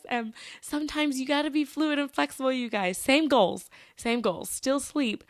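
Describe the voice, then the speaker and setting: A woman's voice: sits high, moderate pace, few pauses, no room sound, clean studio sound. A young adult woman hosting her own podcast, chatting casually in a bubbly, upbeat way with frequent laughs and happy exclamations. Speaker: podcast host. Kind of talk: casual solo podcast chat.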